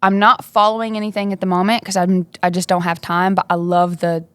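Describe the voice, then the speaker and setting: A woman's voice: on the low side, little pitch movement, fairly quick, fairly bright tone, dry recording. A young woman, chatting casually and upbeat as a guest, laughing easily. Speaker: basketball player, podcast guest. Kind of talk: casual interview chat.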